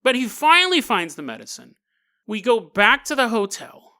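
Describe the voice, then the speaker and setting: A man's voice: very high voice, very animated, normal speed, bright, forceful tone, smooth. A man hosting a podcast, telling an eerie tale in a chatty, jokey way with frequent laughs. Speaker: podcast host. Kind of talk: casual storytelling podcast.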